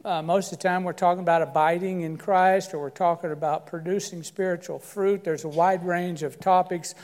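A man's voice: high-pitched, steady tone, moderate pace, darkish tone. Older man preaching in a reverberant church. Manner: folksy, self-deprecating storyteller. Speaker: guest pastor. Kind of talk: sermon with humorous story. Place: church sanctuary.

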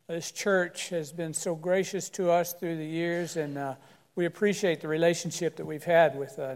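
A man's voice: fairly high pitch, a little mellow. Older man preaching in a reverberant church. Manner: folksy, self-deprecating storyteller. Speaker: guest pastor. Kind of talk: sermon with humorous story. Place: church sanctuary.

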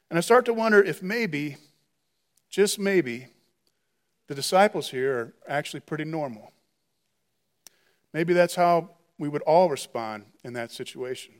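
Male pastor, higher register, lively sermon delivery with frequent restarts. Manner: animated storytelling with repeated restarts.

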